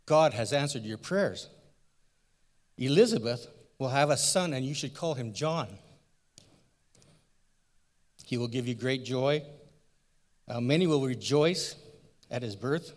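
Stern heavenly messenger voiced by a man in a church skit, slow commanding declarations with a long hall echo. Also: medium pitch, lively intonation. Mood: gentle proclamation. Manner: solemn, commanding pronouncements. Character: mighty male angel messenger, stern.

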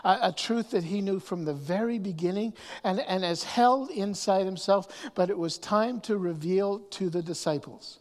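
A man's voice: high-pitched, moderate pace, hardly any pauses. Male preacher in a reverberant hall. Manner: frequent stammered restarts, swinging between hushed asides and raised emphasis. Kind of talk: sermon.

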